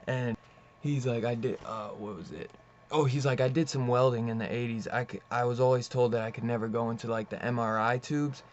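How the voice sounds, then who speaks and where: A man's voice: mid-range voice, fairly even intonation, normal speed. A man casually recapping a comic issue, rambling with many fillers and reading out the characters' lines as he goes. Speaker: comic book reviewer. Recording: dull lo-fi sound with faint noise.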